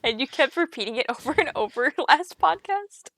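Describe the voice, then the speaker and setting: A woman's voice: high voice, animated, brisk, fairly bright tone, no echo. A woman co-hosting a podcast in casual, laid-back chat, teasing her friends.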